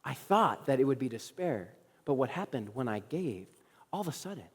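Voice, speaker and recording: A man's voice: medium pitch, very animated, normal speed, breathy edge. A young adult man, a young adults pastor, preaching a sermon as a story with humorous asides and acted-out dialogue. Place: church sanctuary. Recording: long hall reverb.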